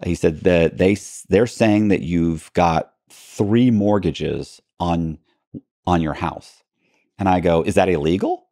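Man, low voice, animated storyteller, podcast guest, dry close mic. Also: slow pace, dry recording. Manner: animated, acts out both sides of the dialogue.

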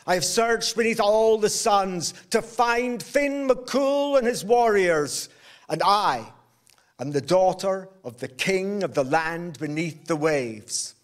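A man voicing a soft-spoken undersea princess. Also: sits high, expressive, slow pace. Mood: pleading. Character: young female princess from under the sea, pleading.

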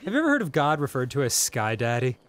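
A man's voice: mid-range voice, wildly swooping pitch, fast, a bit bright, dry recording, studio quality. A man co-hosting a gaming show, telling rambling playful anecdotes in casual banter. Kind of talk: casual let's-play banter.

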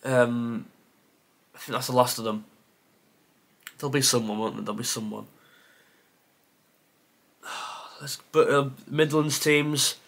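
A man's voice: medium pitch, steady tone, unhurried, gravelly, long pauses, fairly bright tone. A man who creates football content, thinking aloud to himself during a timed quiz, muttering and sighing with self-deprecating asides.

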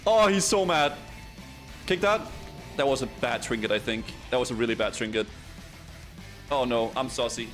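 A man streaming a video game match, commenting excitedly with stammered restarts and sudden laughing yelps. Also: mid-range voice, moderate pace, long pauses, faint music behind. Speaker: streamer playing arena matches.

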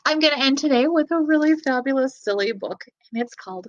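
A woman working as a children's librarian, bubbly and animated, hosting an online storytime and sharing announcements. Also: sits high, a little fast, hardly any pauses, dry recording, rough recording.

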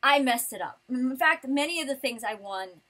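Woman vlogger, casual rambling haul chat, a little breathy, higher voice. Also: moderate pace. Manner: chatty, rambling, animated outbursts. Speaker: vlogger showing prize haul.

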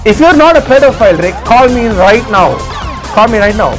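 A short-fused male hotline host voiced by a man, shrill and very high. He swears and shouts without pause in a comedic rant, with faint music behind. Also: lively intonation. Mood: irritated. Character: hot-tempered adult male tech support hotline host.

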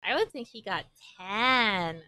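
A woman's voice: mid-range voice, expressive, slow, bright, forceful tone, clean tone. A young woman from Hawaii hosting an anime reaction, commenting as she watches with gasps, squeals and giggly outbursts.

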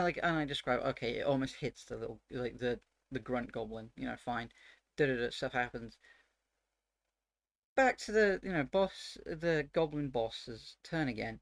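Gravelly man rambling through a game recap. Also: medium pitch, dry recording. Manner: rambling, full of fillers, grows excited and exasperated. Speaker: dungeon master. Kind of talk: casual recap of a tabletop game session.

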